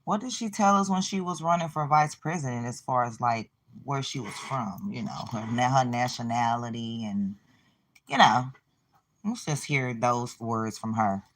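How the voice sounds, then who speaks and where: A woman hosting a casual reaction stream, sarcastic and exasperated, with sudden loud outbursts. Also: a bass voice, normal speed. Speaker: vlog host.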